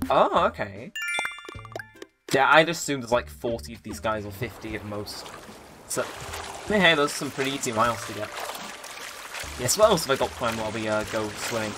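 A man hosting a casual let's play, rambling through his plans with many pauses and fillers. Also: mid-range voice. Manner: rambling, relaxed, lots of ums and likes. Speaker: gaming channel host.

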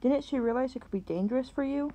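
A woman's voice: sits high, fast, slight background noise, pitched above the performer's own voice, lightly acted, low-quality recording. A woman doing a bellowing, scolding matron. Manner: loud, scolding, formal. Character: stern disapproving middle-aged woman, bellowing.

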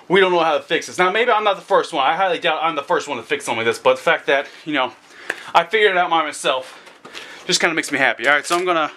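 A young man hosting a casual repair video, excitable and rambling, out of breath. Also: fairly high pitch, slight background noise.

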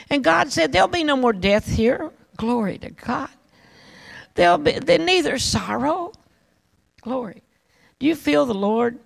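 Older woman preacher, very gravelly voice, fervent and pleading, uses endearments. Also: high voice, animated, measured pace, long pauses, rough recording. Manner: fervent, calls listeners honey and baby doll. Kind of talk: sermon.

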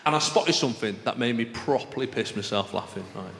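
A man's voice: medium pitch, a little fast, gravelly, a bit bright. Northern English male stand-up comic, chatty asides, live theatre sound with echo, long reverb and audience noise. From northern England. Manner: chatty, conversational, frequent "right?" asides. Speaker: stand-up comedian. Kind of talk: stand-up comedy routine.

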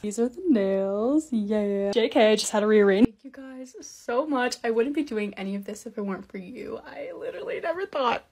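Bubbly, fast-talking young woman vlogger. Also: sits high, noisy background. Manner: bubbly, chatty, easily excited. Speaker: lifestyle content creator. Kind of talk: casual vlog voice-over.

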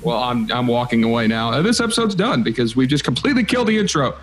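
A man's voice: mid-range voice, big pitch swings, quick pace. A man hosting a podcast interview, joking and rambling in a loose, casual way. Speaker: podcast host.

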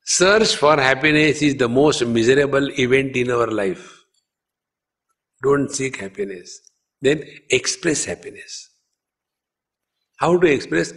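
A man's voice: medium pitch, animated, unhurried, pauses often, fairly bright tone. A man with an Indian English accent giving a humorous spiritual discourse, chanting verses and telling stories. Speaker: spiritual teacher.

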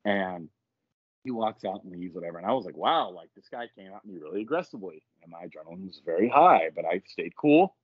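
A man on a podcast, telling a story casually and profanely, with lively acted quotes. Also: sits low, brisk, breathy edge, no room sound, dull audio. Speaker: podcast guest.

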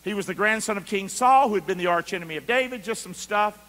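High, bright-voiced male preacher. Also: fast talker. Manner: call-and-response preaching, shifting from quiet asides to loud shouts. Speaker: pastor. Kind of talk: sermon. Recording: long hall reverb.

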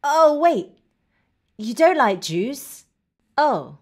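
A woman with a high voice, big pitch swings, and a very slow delivery teaches children English in a scripted cartoon lesson. Her exaggerated sing-song style coaxes kids to repeat phrases.

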